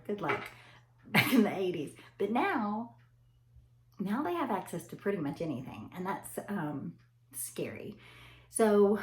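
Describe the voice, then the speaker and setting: A woman's voice: medium pitch, darkish tone. A woman in her forties chatting to camera, rambling and laughing as she tells a story about her kids. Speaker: vlogger and mother. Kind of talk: casual chat to camera. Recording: echoey room with faint noise.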